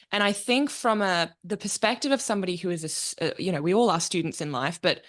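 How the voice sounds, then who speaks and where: A woman's voice: on the low side, fast, hardly any pauses. A young woman hosting a podcast, chatting candidly and reflectively, laughing easily. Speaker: podcast host. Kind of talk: casual interview chat.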